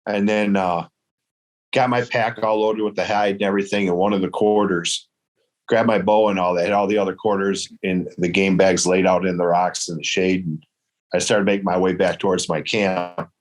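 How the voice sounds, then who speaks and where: A man from Michigan, a guest on a show, telling a story in a relaxed, rambling way and acting out the voices of people he met. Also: low voice, normal speed. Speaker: guest, traditional bow hunter. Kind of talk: casual storytelling.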